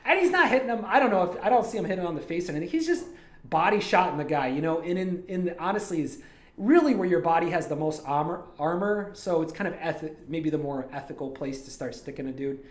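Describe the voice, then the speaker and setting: Talking fast and animatedly in a fairly high voice, a Toledo, Ohio streamer and animator chats casually on his livestream. His storytelling rambles and digresses, drifting from one tale to the next, with a roomy echo in the recording.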